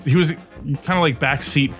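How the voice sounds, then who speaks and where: A man's voice: a little high, moderate pace, fairly bright tone, soft background music. A man hosting a podcast, telling a rambling story in a casual way, often restarting his sentences and laughing as he goes. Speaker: podcast host.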